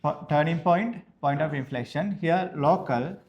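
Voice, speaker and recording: A man from Sri Lanka, teaching a maths class slowly and repeating each phrase so students can write it down. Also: a little high, muffled recording. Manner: slow, repeats each phrase for note-taking, spells words out. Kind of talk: dictated classroom lesson.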